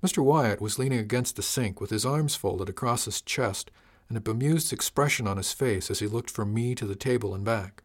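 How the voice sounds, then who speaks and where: A man reading a first-person story aloud in a steady, measured storytelling manner. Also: lowish voice. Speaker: audiobook narrator. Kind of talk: first-person scripted narration.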